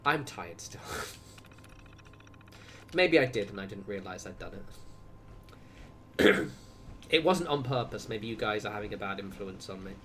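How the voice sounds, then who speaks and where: A man's voice: lowish voice, lively intonation, unhurried, pauses often, bright, forceful tone, slight background noise. A young man streaming a game, chatting casually to viewers in a rambling way and often cutting himself off mid-sentence. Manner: rambling, self-interrupting, chatty asides to viewers. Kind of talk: casual gaming livestream chat.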